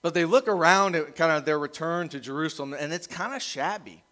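A man's voice: a little high, a little fast, a bit bright, long reverb tail. A middle-aged male pastor preaching a conversational sermon, acting out the voices he quotes.

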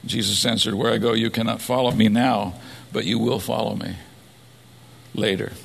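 A man's voice: fairly low pitch, fairly even intonation, moderate pace, creaky. A man preaching a sermon as a pastor, earnest and building to emphatic points. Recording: long hall reverb.

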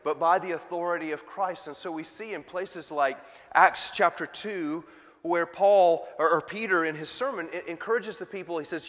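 A man preaching a sermon with emphatic, impassioned delivery, slowing and rising as he dramatizes pleading voices. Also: high-pitched, fairly bright tone. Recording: hall reverb.

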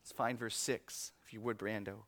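A male pastor preaching a sermon in an animated, conversational way, chuckling often. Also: fairly low pitch, normal speed. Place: church.

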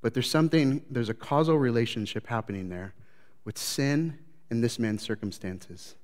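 A man preaching a sermon as pastor, swinging between loud, lively retellings and low, quiet reflection. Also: normal speed. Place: church sanctuary. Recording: long church reverb.

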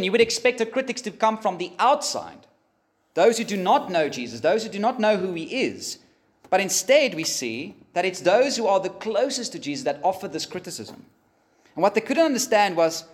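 A man preaching a sermon, emphatic and pausing, rising for emphasis. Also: sits high. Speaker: pastor.

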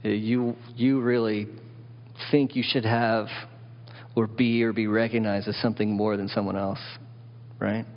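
Animated preaching man in a reverberant hall. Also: fairly low pitch, measured pace. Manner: animated preaching, asks the congregation questions. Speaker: pastor. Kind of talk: sermon. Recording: dull lo-fi sound with long hall reverb.

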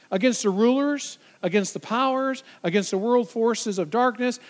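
A man preaching from the pulpit with a notably high voice. He builds his points with repeated phrases and rhetorical questions, speaking emphatically to the congregation. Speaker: pastor. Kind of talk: sermon.

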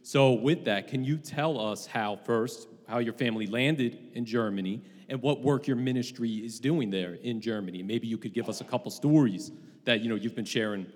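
A man's voice: mid-range voice, moderate pace. Man interviewing in a reverberant hall. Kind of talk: interview questions.

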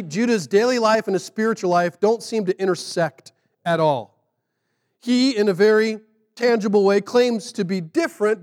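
High-voiced male preacher, conversational. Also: in a large hall. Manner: conversational, animated retelling with acted quotes. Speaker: pastor. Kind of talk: sermon.

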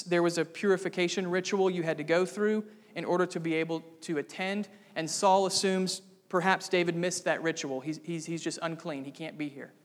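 High-voiced pastor preaching in a hall. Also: male voice. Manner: emphatic, with sudden dramatic rises in pitch and volume. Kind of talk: expository sermon. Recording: long hall reverb.

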